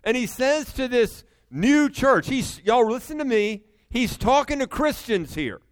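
A man's voice: extremely high pitch, animated, unhurried. A middle-aged man preaching a sermon, emphatic and conversational, often turning to the congregation with asides. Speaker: pastor.

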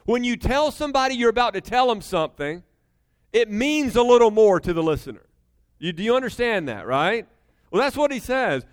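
A man's voice: high-pitched, lively intonation, brisk. A middle-aged man preaching a sermon, emphatic and conversational, often turning to the congregation with asides. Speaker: pastor.

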